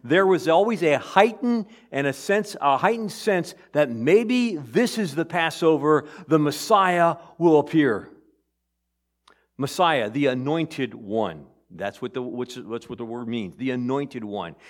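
Man preaching, loud to hushed. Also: on the high side, lively intonation, measured pace. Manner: conversational preaching that swings between loud emphasis and quiet asides. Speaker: pastor. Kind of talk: sermon.

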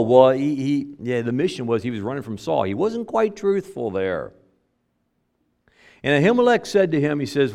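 A male pastor preaches in a relaxed, conversational style. His pitch swings widely as he acts out the voices of the people in his story, and he sometimes stops and restarts mid-phrase. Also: moderate pace, gravelly. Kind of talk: sermon.

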